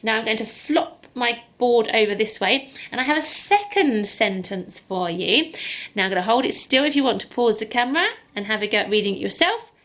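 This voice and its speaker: Woman, phonics teacher, sounds out letters, encouraging, slightly high voice. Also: animated, fairly quick, a bit bright. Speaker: primary school teacher. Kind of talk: phonics lesson to camera. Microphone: camera in front of her.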